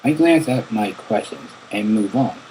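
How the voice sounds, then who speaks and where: A man's voice: on the low side, expressive, unhurried, warm tone, slight background noise, poor audio. A man reading a fan interview aloud, stumbling and repeating words as he goes. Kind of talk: halting read-aloud narration.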